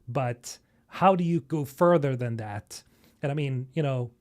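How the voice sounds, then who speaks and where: A young man from Sweden reacting to game trailers on a live stream, excitable and swearing, talking to chat. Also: mid-range voice. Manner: excitable, swearing, chatting with viewers. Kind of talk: casual live-stream commentary.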